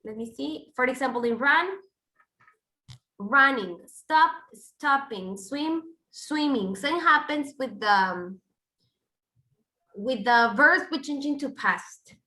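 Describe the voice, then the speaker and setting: Bright-voiced woman teaching English grammar. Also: fairly high pitch, expressive, takes it slowly, long pauses, roomy sound, poor audio. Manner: explains step by step with examples. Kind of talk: online grammar lesson.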